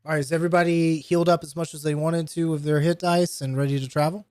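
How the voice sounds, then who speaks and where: A man's voice: fairly high pitch, fairly even intonation, fast talker, a little mellow, clear, resonant tone, no echo. Man, game master, patient rules explainer, lots of fillers, dry close sound. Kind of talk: running a tabletop game over voice chat.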